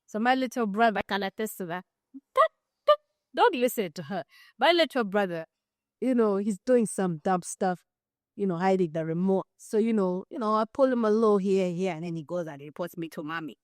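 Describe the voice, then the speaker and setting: A young Ugandan woman co-hosting a podcast, telling a family story in a relaxed, frank way that is full of "you know.". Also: medium pitch, fairly quick, dry recording, clean studio sound. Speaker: podcast co-host. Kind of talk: casual storytelling chat.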